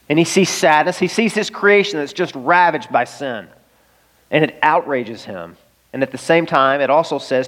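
A man preaching in a slightly high voice, earnest and emphatic, pressing his points with rhetorical questions. His words ring out through the long reverb of a large church sanctuary. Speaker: pastor. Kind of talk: sermon.

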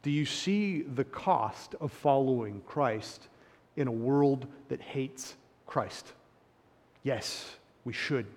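A man preaching a sermon, impassioned, swinging between hushed reflection and emphatic points, with sarcastic asides. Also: mid-range voice, takes it slowly. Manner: sarcastic paraphrasing of opponents. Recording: long hall reverb.

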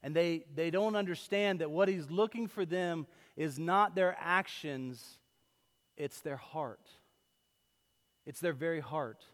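Male pastor, sermon delivery, higher voice, lively and then hushed, big reverberant sanctuary. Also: slow. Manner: lively storytelling, swings from loud to hushed. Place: church sanctuary. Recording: long hall reverb.

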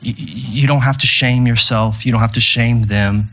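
Husky-voiced man preaching a sermon. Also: mid-range voice, steady tone, moderate pace, a bit bright. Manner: earnest, repeating phrases with stumbling restarts. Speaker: pastor. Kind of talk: sermon leading communion and prayer. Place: church gathering room with congregation.

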